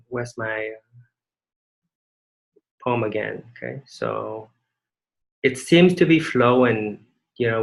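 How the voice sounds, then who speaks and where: A man's voice: medium pitch, fairly bright tone, poor audio. Male instructor lecturing in an online class. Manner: halting, many fillers and restarts, rhetorical questions.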